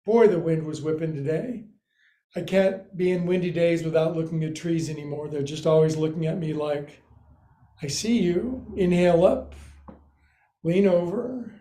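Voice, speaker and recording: A man's voice: fairly high pitch, moderate pace, dark tone. A man teaching a livestreamed yoga class, counting and cueing moves with playful jokes. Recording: roomy, echoey room.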